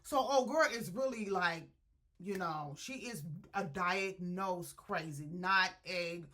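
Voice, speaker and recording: A woman speaking recaps a book for her viewers in loose, chatty slang. Her voice is bright and forceful. She drifts into quick impressions of the characters as she goes. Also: lowish voice. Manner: animated storyteller acting out characters' quotes with slang. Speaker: book reviewer. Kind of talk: casual spoiler-filled plot retelling.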